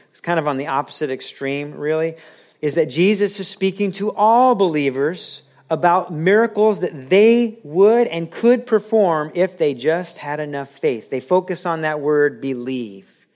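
A man preaching a sermon as a pastor, animated, acting out quoted voices and telling a joke. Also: fairly high pitch, measured pace.

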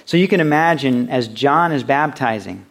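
A man's voice: mid-range voice, animated, normal speed, vocal fry, fairly bright tone. A man preaching a sermon as a pastor, talking conversationally and reading scripture aloud. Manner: conversational, acts out quoted voices.

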